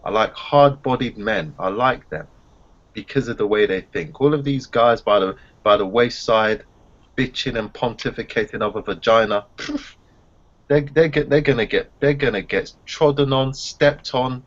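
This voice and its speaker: A man's voice: medium pitch, normal speed. A man on an online group discussion, talking in an emphatic, repetitive, swaggering way. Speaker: round table panelist. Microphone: video call. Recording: slightly muffled online call audio.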